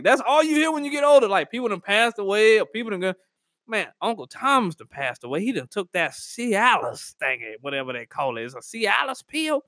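A high-pitched man rambles through a comedic rant in a dry, close recording. He talks in an animated way and keeps cracking himself up as he riffs. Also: no room sound. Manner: animated, rambling, laughs at own jokes. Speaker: comedic vlogger. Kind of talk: casual comedic monologue.

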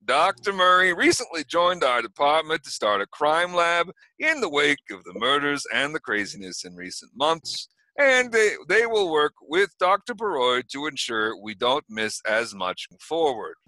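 A small-town sheriff with a New York accent, formal and official in his address, as a game master puts him on. The voice sits a little higher and louder than the man's usual speech, with a bright, forceful edge and a dry, close sound. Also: big pitch swings, normal speed, no echo.

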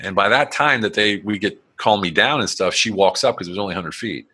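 A man's voice: sits low, expressive, a little fast, bright, forceful tone, slightly rough. A man in his forties, a guest telling his life story in casual, blunt, rambling talk with plenty of swearing and acted-out quotes. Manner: frequent restarts and fillers, acts out quotes.

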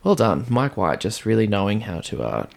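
A man's voice: fairly low pitch, sing-song, normal speed, creaky. A man co-hosting a podcast, chatting in a gossipy, campy way about reality TV. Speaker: podcast co-host. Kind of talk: casual pop-culture chat.

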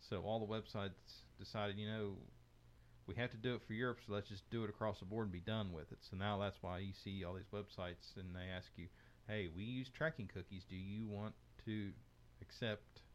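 A man's voice: on the low side, fairly even intonation, normal speed, a little hiss or hum. Guy hosting a tech podcast, reads the news out w lots of uh's, easygoing. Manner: reads news items aloud with frequent fillers. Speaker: podcast host. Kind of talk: casual tech news chat.

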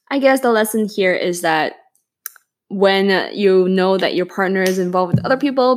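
A woman co-hosting an easygoing podcast, recapping a listener's story with frank, salty remarks. She teases her co-host playfully. Her voice rests at a middle pitch. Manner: blunt and profane, playful teasing. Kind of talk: casual chat.

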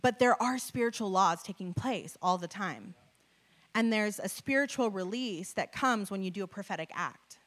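A young woman giving a sermon as a casual, chatty story, full of filler likes and animated retelling. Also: medium pitch, moderate pace. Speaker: church speaker.

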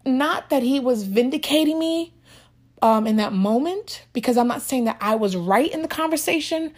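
A woman with a slightly high voice tells a personal faith testimony to her viewers. She talks in an earnest, emotional way, restarting her sentences and sounding close to tears. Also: normal speed, darkish tone.

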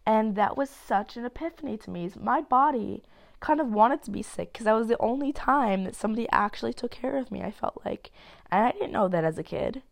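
Fairly high and animated, with vocal fry and a quick pace, this voice belongs to a nineteen-year-old solo podcast host. Still getting over a cold, she talks candidly and loosely, peppering her speech with fillers and casual swearing.

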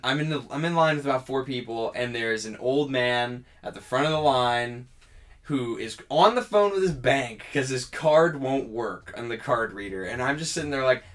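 A man co-hosting a podcast, casually telling a long story and acting out the other people's lines. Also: mid-range voice. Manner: animated storyteller acting out dialogue. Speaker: podcast co-host.

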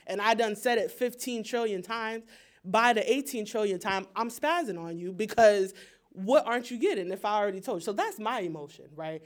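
A man's voice: high voice, animated, fairly quick. A young man speaking in a casual group discussion, emphatic and slangy, sharing his view animatedly.

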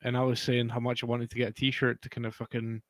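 Man, casual chat, mid pitch, laid-back, dry room. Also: monotone, fast talker, dry recording.

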